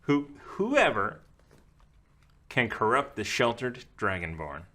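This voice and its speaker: Male game master for a live stream; bright, animated voice, halting delivery. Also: medium pitch. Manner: halting, with many fillers and restarts.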